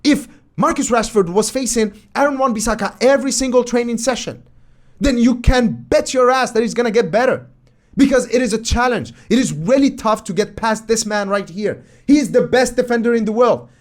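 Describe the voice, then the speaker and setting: A man with a fairly high voice talks through match footage as a football analysis host. He is emphatic and opinionated and keeps firing exasperated rhetorical questions. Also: brisk. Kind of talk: commentary over match footage.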